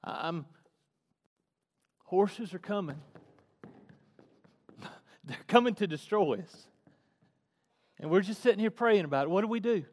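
A man preaching a sermon as the pastor, swinging between loud emphatic preaching and quiet conversational asides. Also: high voice, lively intonation, a little slow, long pauses, big-room sound.

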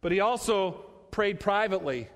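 A man preaching a sermon, emphatic, repeating phrases and slowing down to stress key words. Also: high voice, animated. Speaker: pastor. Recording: long hall reverb.

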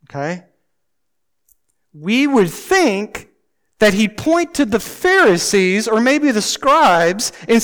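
A high-pitched man delivers a sermon to his congregation in church. He preaches emphatically, throws out rhetorical questions, and swings between loud declarations and quiet, hushed asides. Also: clear, resonant tone. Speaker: pastor.

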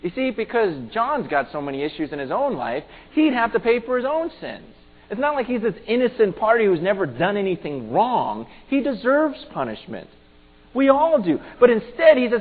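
A high-voiced man preaches with an earnest, pleading urgency, stumbling over and repeating words as he presses his point. The sound is thin and phone-like, and his voice rings with a long reverb from a large hall. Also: sing-song, normal speed. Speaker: pastor. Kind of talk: sermon.

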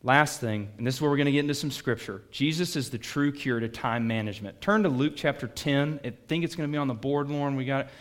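A man preaching a sermon to his congregation in a conversational way, asking them questions and swinging between loud bursts and quiet asides. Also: mid-range voice, fast talker, few pauses. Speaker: pastor.

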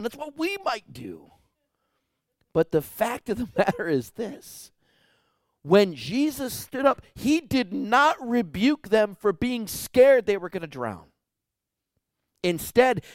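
A man preaching a sermon as pastor, swinging from hushed asides to loud, pleading outbursts. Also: very high voice, big pitch swings, unhurried, no room sound, studio quality.

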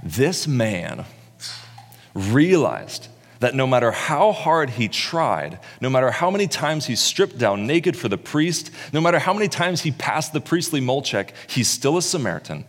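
A man's voice: medium pitch, a little slow. A man preaching a sermon in a big, echoing hall, his voice carrying a long tail of reverb. He sits in a middle register and tells the story with energy, acting out its people as he goes. Earnest, heartfelt sermon delivery. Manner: animated storyteller who acts out quotes.

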